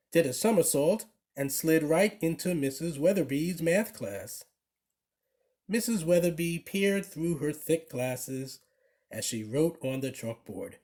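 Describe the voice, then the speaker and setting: A man reading a children's picture book aloud, with expressive, animated storytelling. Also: a little high. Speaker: storybook reader.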